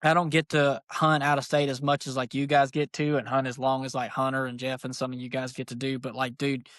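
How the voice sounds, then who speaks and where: A man, a podcast guest, tells a story in casual, excited, rambling speech, full of fillers like "dude". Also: medium pitch, brisk, no echo, clean studio sound. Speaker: podcast guest, archery shop owner.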